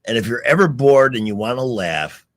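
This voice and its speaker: A man's voice: medium pitch, animated, normal speed, no room sound. A man co-hosting a radio talk show, chatting casually with callers and his co-host and joking along. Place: radio studio.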